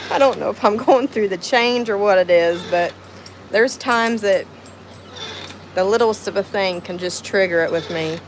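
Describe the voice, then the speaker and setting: A middle-aged woman with a Southern US accent, speaking at normal speed in a mid-range voice, hosts a casual livestream outdoors at home. She rambles emotionally while greeting viewers by name, with background noise audible.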